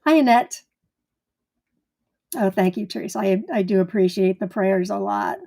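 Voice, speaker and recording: Woman, live-stream host, casual chat, chatty, middle pitch. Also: normal speed, gravelly, mellow. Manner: chatty, greets viewers by name.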